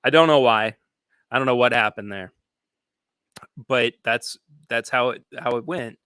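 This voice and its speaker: A man chats casually as host of a live stream from his home studio, his voice bright and forward. He rambles and restarts his sentences as he goes, reading viewer comments aloud. The sound is dry, with the room barely heard. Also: mid-range voice, measured pace, smooth, no room sound. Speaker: podcast host.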